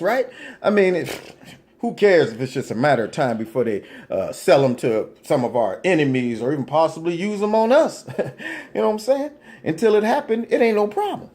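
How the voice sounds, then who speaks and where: A man's voice: high-pitched, animated, moderate pace, darkish tone. A man vlogging, reading items off a list and reacting with mock outrage, ironic and loose with casual slang. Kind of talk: sarcastic political commentary reading from a list.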